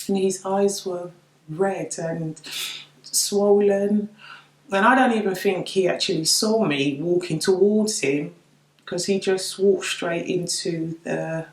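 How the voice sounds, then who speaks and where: A middle-aged woman telling of her daughter's death, halting and tearful, repeating her words. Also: medium pitch, echoey room, poor audio. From United Kingdom. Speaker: bereaved mother sharing her story. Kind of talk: personal testimony to camera.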